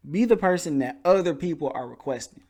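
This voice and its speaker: This man hosts a podcast, telling a story loosely and with energy while acting out the folks he quotes. He talks fairly quickly, with a voice on the high side.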